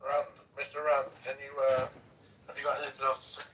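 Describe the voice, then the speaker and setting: A man steering a heated online debate, stumbling over repeated words as he insists on his point. His voice sits at a middling pitch. It comes from a distant mic over a faint hiss. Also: monotone, brisk, fairly bright tone. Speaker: moderator of an online audio room. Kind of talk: casual debate.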